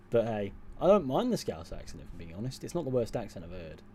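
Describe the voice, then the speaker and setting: A man's voice: fairly low pitch, warm tone, slight background noise. A man streaming, casually reading out chat comments and answering them in a dry, offhand way. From England.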